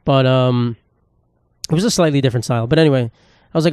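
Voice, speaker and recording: A man's voice: mid-range voice, fast talker, pauses often, a little mellow, clean tone, no echo. Rambling young man, dry close mic. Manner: rambling, self-deprecating, swears freely. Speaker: comedian and podcast host. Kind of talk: casual solo monologue.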